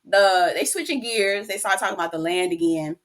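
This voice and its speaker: A woman giving casual, expressive commentary recapping a reality TV episode, talking to the viewer like a close friend. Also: mid-range voice, a little fast. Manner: chatty, expressive, keeps calling the viewer "girl"; emotional, near tears at moments.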